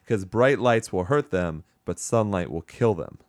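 A man hosting a casual movie-review chat, sarcastic and profane, talking in an animated way. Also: on the low side, unhurried, no echo, clean studio sound. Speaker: podcast host.

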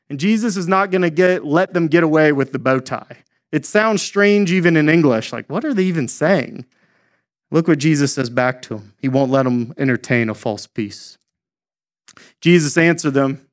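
A man's voice: a little high, normal speed. A male pastor preaching a sermon in a conversational, folksy way, with jokey asides to the church.

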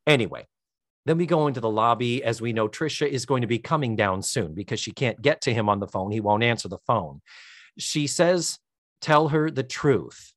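A man's voice: medium pitch, fairly quick, no echo, studio quality. A man co-hosting a podcast, casually recapping a TV episode and playfully acting out the characters' lines. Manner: lively retelling, acting out quoted lines with laughs. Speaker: podcast co-host.

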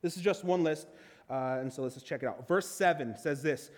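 A man preaching a conversational sermon as a pastor, animated, with quick restarts and playful asides. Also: fairly high pitch, in a large hall.

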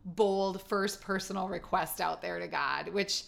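A woman's voice: fairly low pitch, unhurried, vocal fry. Chatty woman co-hosting a podcast. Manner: earnest, chatty storytelling with playful asides. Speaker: podcast co-host. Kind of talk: casual chat.

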